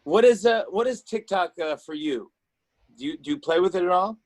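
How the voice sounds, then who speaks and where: An eager male talk show host who gushes praise, trips over his words and restarts. His voice sits high and swings widely in pitch. The sound is dry and close. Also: animated, a little mellow, dry recording. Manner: enthusiastic, gushing, halting restarts. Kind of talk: casual talk show interview.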